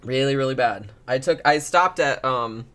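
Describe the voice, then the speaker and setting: Brief: hoarse woman podcast co-host, forceful bright tone, blunt, swears, laughs easily. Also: very deep voice, expressive, moderate pace. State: hoarse from a cold. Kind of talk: casual chat.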